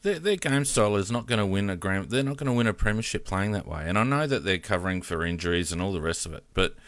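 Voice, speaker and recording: A man's voice: deep voice, lively intonation, fast, fairly bright tone, no room sound. An Australian man hosting a casual sports podcast, opinionated and hesitant, with many fillers. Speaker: podcast host.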